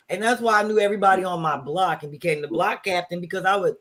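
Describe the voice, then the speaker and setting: A middle-aged woman from St. Louis with a St. Louis accent, a comedian chatting as an interview guest and telling lively stories. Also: lowish voice, quick pace, hardly any pauses. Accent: St. Louis, Missouri. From St. Louis, Missouri. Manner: lively storyteller who acts out the people she quotes. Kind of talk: casual interview chat.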